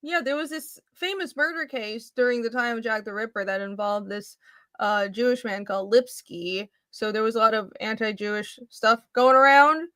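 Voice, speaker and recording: Woman co-host, lively and quick, laughs between points; fairly high voice. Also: smooth, no room sound. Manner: animated, laughing, quick asides. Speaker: podcast co-host. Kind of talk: casual chat.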